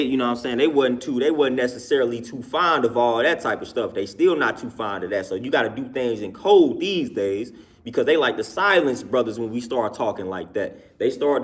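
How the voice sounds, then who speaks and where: A man's voice: medium pitch, animated, a little fast. A man hosting a livestream and talking casually to his viewers' comments, repeating his points twice with emphasis and laughing between them. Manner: repetitive, emphatic, says each point twice. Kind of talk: casual talk to a live chat.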